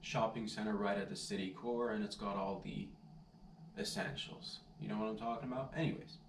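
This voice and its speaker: A man's voice: lowish voice, fairly even intonation, brisk, gravelly, background noise. A man vlogging casually, rambling and laid-back, saying "dude" and "man" constantly. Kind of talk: casual storytelling vlog. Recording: roomy sound, distant mic, faint ambience.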